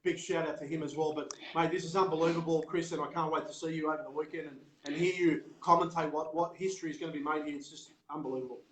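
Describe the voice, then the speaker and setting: A man's voice: on the high side, steady tone, quick pace, hardly any pauses, a bit bright, reverberant, rough recording. An Australian man hosting a live chat at a race event, hyped, full of praise and calling people "mate". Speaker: show host.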